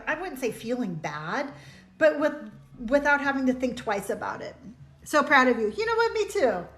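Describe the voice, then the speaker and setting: A woman's voice: sits high, a bit bright. A woman hosting a casual live stream, chatting candidly and reading viewer comments aloud, slipping into quoted voices as she tells her stories. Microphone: phone streaming live. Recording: roomy echo.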